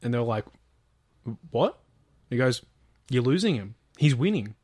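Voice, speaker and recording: A man's voice: medium pitch, sing-song, a little slow, darkish tone, husky, no room sound, studio quality. A man co-hosting a casual chat, retelling a story with many fillers, some swearing and acted-out quotes. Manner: rambling, lots of fillers, swearing, acts out quotes. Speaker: podcast co-host.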